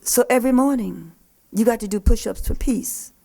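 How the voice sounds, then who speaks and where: A woman's voice: on the high side, normal speed, vocal fry, dark tone. An older woman, a poet and professor, gives a live talk to young people at a poetry festival. She speaks emphatically and repeats her key phrases for effect.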